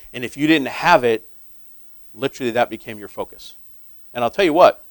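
A man's voice: mid-range voice, dry recording, low-quality recording. Conversational man preaching a sermon. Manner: conversational, asks the audience questions; grows emphatic and loud when stressing points.

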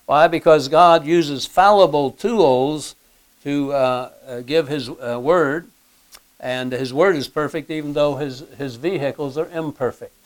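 A man delivers a sermon in an easygoing, conversational manner, pausing on fillers and clearing his throat. His voice sits a little high for a man and sounds smooth and clear. He keeps asking his listeners questions. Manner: asks the listeners rhetorical questions. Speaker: pastor.

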